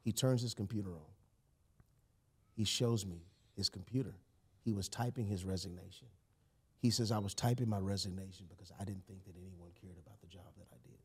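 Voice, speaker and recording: Man, husky low voice, animated storyteller, podcast guest. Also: fairly quick. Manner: animated, emphatic storyteller with many "you know" and "man". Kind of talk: storytelling in casual podcast conversation.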